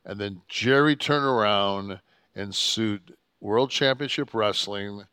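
A man's voice: on the low side, slow pace, pushed and bright, smooth, dry recording, studio quality. A man co-hosting a podcast, telling a story in a profane, heated, rambling way. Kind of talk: casual storytelling chat.

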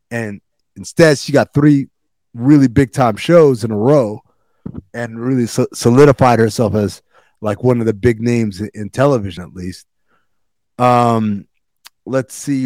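A man co-hosting a casual podcast, recapping a television show in animated, profanity-heavy chat. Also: moderate pace, no echo. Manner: animated, swearing, jumps into high voices for quotes. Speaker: podcast co-host.

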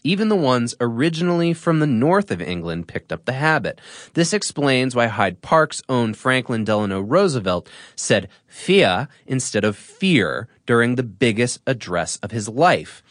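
A man from the Boston area hosting an explainer podcast, reading a script with lively, playful asides. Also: mid-range voice, dry recording, studio quality. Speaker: podcast host.

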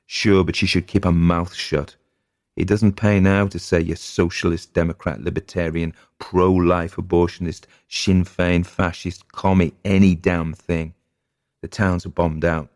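A man voicing a weary, gruff middle-aged husband who talks bluntly and swears in exasperation. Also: deep voice, flat delivery, unhurried, a little mellow, no room sound, studio quality.

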